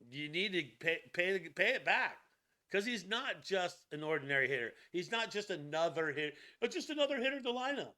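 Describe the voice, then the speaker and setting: A man hosting a casual sports news channel, chatting excitedly with jokey asides and laughs. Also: a little high.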